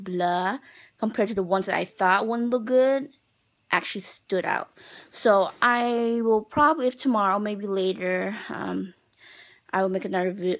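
A tired young woman vlogging in a casual, rambling way, with many fillers as she chats to her viewers. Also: medium pitch. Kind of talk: casual chat.

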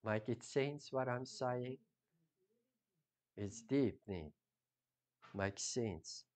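South African male pastor, unhurried, impassioned sermon delivery with sharp loud-to-hushed swings. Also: medium pitch.

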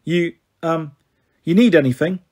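A man putting on a blunt, sharp-tongued young girl from a storybook, clipped in her speech. The voice is raised in pitch and slightly husky. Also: measured pace. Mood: blunt, worried. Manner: blunt, clipped, faltering when upset. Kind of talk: audiobook character reading.

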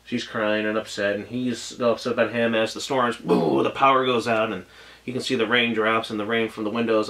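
A man's voice: on the low side, a bit bright. Gushing, rambling male anime reviewer. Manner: gushing and emotional, rambling with many restarts. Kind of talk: casual spoken episode review.

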